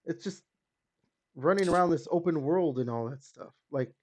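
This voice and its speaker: A man's voice: moderate pace, a little mellow. A man hosting a gaming podcast in casual chat, chatty and hedging with lots of fillers. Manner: chatty, hedging with fillers, rises and drops in pitch. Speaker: podcast host. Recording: slightly dull lo-fi sound.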